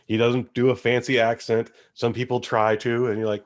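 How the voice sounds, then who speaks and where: A young adult man hosting a podcast, chatting casually about movies in a rambling, animated way with casual swearing. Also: medium pitch, normal speed. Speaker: podcast host. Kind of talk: casual movie-review chat.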